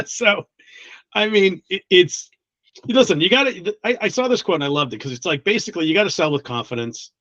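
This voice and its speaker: A man working as a recruiter, chatting casually in an interview, blunt and quick to swear, laughing often between many restarts. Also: sits high, lively intonation, a bit bright, no echo, muffled recording. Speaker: guest recruiter.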